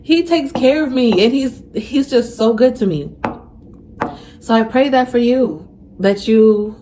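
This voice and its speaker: Against a noisy background, a young woman with a fairly high voice addresses her faith vlog audience at a measured pace. It's casual, sincere vlog talk, with repeated phrases for emphasis and emotion rising whenever her faith comes up.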